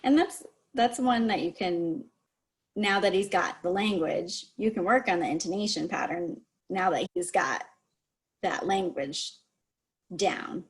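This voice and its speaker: A woman's voice: on the low side, unhurried. A woman giving practical advice in an easygoing, encouraging way over a video call, laughing easily. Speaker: speech-language advisor. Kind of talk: casual advice chat.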